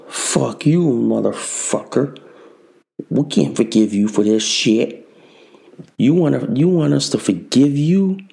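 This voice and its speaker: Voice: medium pitch, expressive, slow pace, vocal fry, pauses often, warm tone. A show host delivering an angry, profane political commentary monologue, repeating lines as they rant. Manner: profane, ranting, repetitive. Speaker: podcast host.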